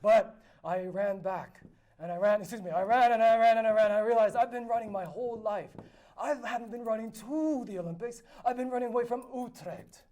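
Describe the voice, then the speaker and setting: A man's voice: high-pitched, brisk, darkish tone, close to an everyday voice. A man playing a boastful male noble who spins absurd, grandiose tall tales in a theatrical storytelling manner. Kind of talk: improvised tall-tale role-play. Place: live convention panel room.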